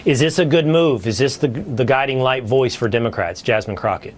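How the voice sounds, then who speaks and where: Talk show host guy setting up a clip, brisk. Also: mid-range voice, a little hiss or hum.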